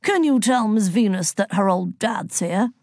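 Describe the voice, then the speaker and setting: A woman's voice: medium pitch, lively intonation, unhurried, darkish tone, no echo, clean studio sound. A woman voicing a chatty, jovial older male god who rambles and teases, in an audiobook. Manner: hearty, rambling, teasing. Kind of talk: audiobook character voice.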